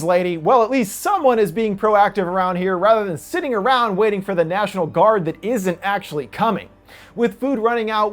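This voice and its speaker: Wry, opinionated show recap host. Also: mid-range voice. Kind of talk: scripted episode recap and review.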